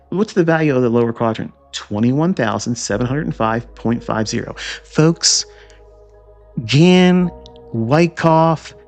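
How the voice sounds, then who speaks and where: With a creaky, medium-pitched voice, a man teaches a lecture on chart trading. This trading educator repeats himself emphatically, peppering the talk with rhetorical questions and scolding remarks.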